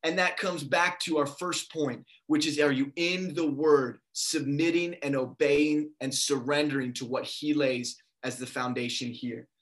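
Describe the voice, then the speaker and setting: Young guy preaching, high voice, animated storytelling, does the voices. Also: measured pace, hardly any pauses. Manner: animated, acts out quoted voices. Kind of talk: sermon storytelling.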